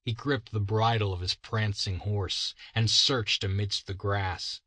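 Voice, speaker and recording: A man narrates a story slowly and deliberately, with a somewhat low voice. His tone is bright and clear. The recording is dry and close, with no room sound. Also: steady tone, no echo. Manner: slow, measured reading. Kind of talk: scripted narration.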